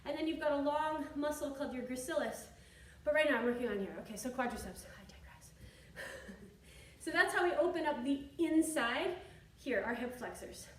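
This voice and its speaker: A woman teaching a stretching and yoga lesson while demonstrating, chatty and encouraging, slightly out of breath. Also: high-pitched. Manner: chatty and encouraging, thinks aloud with asides. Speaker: yoga and fitness instructor. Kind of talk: instructional demonstration while exercising. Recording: echoey room, distant mic, faint hiss.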